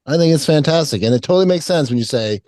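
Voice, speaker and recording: A man's voice: on the high side, lively intonation, fast, a little mellow, no echo, clean studio sound. Laughing, joking male podcast host. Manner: laughing, joking, restarts a lot. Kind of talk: casual chat.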